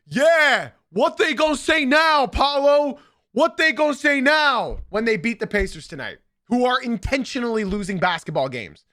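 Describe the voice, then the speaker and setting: A young man hosts a sports podcast in a high, bright voice that leaps all over the place. He talks emphatically and hammers his points home by repeating them. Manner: animated, emphatic, repeats lines for effect. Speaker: podcast host.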